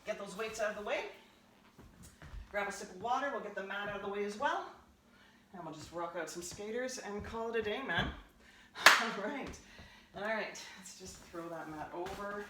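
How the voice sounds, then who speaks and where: A woman fitness instructor leading a home workout, giving upbeat cues and counting down reps, out of breath at times. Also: medium pitch. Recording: roomy, distant, noisy home recording.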